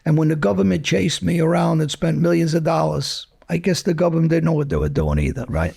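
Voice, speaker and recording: A middle-aged man, answering as an interview guest with a gruff, profane edge. His voice is gravelly and husky, pitched a touch high for a man. He talks bluntly and picks a fight. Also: animated, fairly quick, warm tone. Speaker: interview guest, former mobster.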